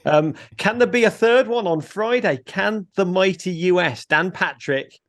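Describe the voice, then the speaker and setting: Excitable Liverpudlian man, gravelly. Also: sits high, dry recording, studio quality. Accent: Liverpool English. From Liverpool, England. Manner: witty, excitable, quick jokes. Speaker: guest. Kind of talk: animated interview chat.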